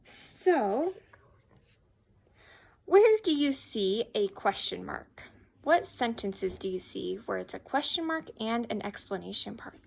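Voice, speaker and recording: Woman teacher, slow deliberate delivery, patient and encouraging with a young reader. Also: on the high side, very animated, gravelly, darkish tone. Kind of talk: one-on-one reading lesson with a child.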